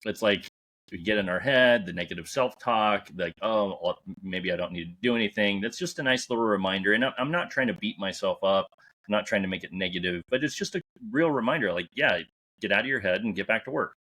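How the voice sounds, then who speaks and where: A man with a very deep voice hosts a casual podcast interview. He gives upbeat, encouraging advice in a relaxed, conversational way. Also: a little fast. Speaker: podcast host.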